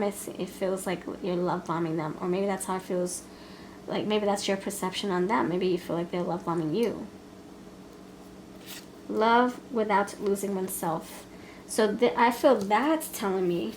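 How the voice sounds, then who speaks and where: A woman's voice: medium pitch, slight background noise, rough recording. A woman giving a casual pick-a-card tarot reading, playful and chatty, laughing often as she talks. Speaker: tarot reader.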